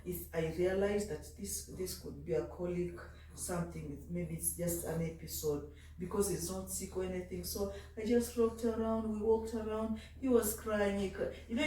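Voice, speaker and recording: A vlogging mom talks in a relaxed, tired way, turning to her baby every so often. She has a warm, mid-range voice, and the echoey room and distant mic bring slight background noise.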